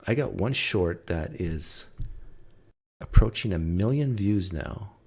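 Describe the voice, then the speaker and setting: A man's voice: sits low, expressive, slow, darkish tone, breathy edge. A man hosting a podcast, talking casually and making sarcastic, wisecracking remarks. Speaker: podcast host. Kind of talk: casual mocking commentary.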